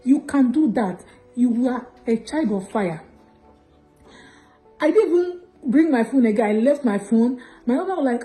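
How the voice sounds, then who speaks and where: A woman's voice: fairly high pitch, normal speed, mellow, soft background music, low-quality recording. A woman giving an emotional church testimony, retelling events with quoted dialogue. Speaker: testimony giver.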